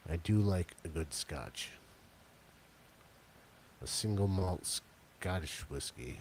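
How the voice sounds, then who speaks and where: A man co-hosting a casual home podcast, with a slow, dry, jokey way of talking. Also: sits low, lively intonation, a little mellow, a little hiss or hum. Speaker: podcast co-host.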